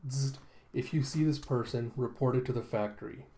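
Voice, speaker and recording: A man voicing an emotionless factory robot enforcer, giving flat official announcements. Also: mid-range voice, a little fast, close to an everyday voice. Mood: cold.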